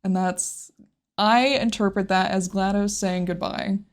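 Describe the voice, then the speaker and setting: A woman's voice: mid-range voice, steady tone, a little slow. A woman co-hosting a casual podcast, talking thoughtfully about a game, often laughing and openly getting emotional. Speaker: podcast co-host.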